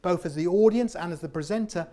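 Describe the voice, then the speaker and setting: Animated man leading a workshop. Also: high-pitched, fast talker. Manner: animated, jokey, questions the audience. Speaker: presentation trainer. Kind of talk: interactive workshop talk. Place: meeting room with an audience.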